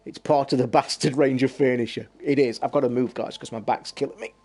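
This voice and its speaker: A middle-aged man with an East Midlands accent, chatting casually on a live stream, blunt and sweary and quick to anger. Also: mid-range voice, fairly even intonation, a little mellow. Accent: East Midlands English. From England.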